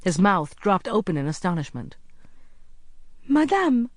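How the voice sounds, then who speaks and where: A measured audiobook narrator reading a suspense scene at a mid pitch. The reading slows at the tense moments. The sound is dry and close to the mic. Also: expressive, no room sound. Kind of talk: scripted narration.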